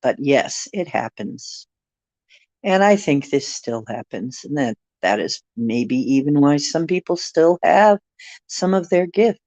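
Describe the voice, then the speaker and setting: A woman's voice: deep voice, expressive, takes it slowly, darkish tone, no room sound. A woman hosting a casual livestream, musing and rambling while she answers viewer comments. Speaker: livestream host reading viewer chat.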